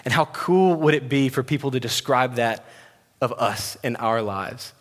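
A man's voice: medium pitch, unhurried. A man preaching a sermon, conversational and emphatic as he retells scripture. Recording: long reverb of a large hall.

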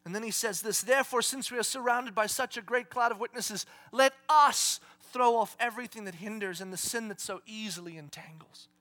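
A man preaching a sermon dramatically, swinging from hushed whispers to shouted exclamations and acting out the people in his stories. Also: sits high, a little fast, few pauses. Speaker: pastor.

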